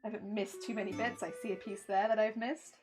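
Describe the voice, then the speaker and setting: A woman's voice: mid-range voice, fairly even intonation, quick pace, over music. A British woman chatting casually with her live-stream viewers while she crafts, often breaking into laughter. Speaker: cosplay streamer.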